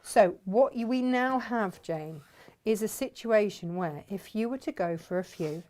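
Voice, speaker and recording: A woman's voice: medium pitch, a little slow, a little mellow. A woman hosting a fabric workshop, talking in a chatty, enthusiastic, rambling way. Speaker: fabric shop host. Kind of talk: casual workshop chat.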